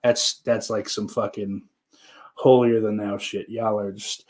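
A man's voice: lowish voice, flat delivery, unhurried, darkish tone. A young man hosting a live stream, reading viewer comments aloud and riffing on them in a profane, rambling, teasing way. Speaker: livestream host reading chat. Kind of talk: casual live-stream chat.

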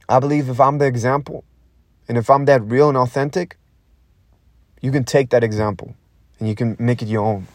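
A man's voice: mid-range voice, fairly even intonation, no room sound. Young man, podcast host, intense, profane, repetitive, dry close sound. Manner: intense, repetitive, swears a lot, pauses to breathe. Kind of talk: raw unscripted monologue.

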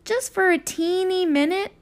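A woman voicing an imaginative, excitable seven-year-old girl in a children's story read-aloud, calling out eagerly. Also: extremely high pitch, moderate pace, pitched above the performer's own voice. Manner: excited, shouting.

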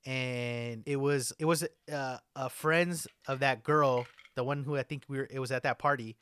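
A young man casually telling a wild party story, animated and full of slang and swearing, on a close mic. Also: mid-range voice, moderate pace, clean tone.

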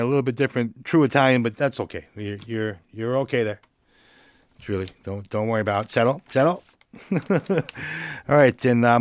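A man's voice: mid-range voice, no echo, studio quality. A man hosting a casual solo podcast, laid-back and joking, chuckling now and then as he talks. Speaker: podcast host.

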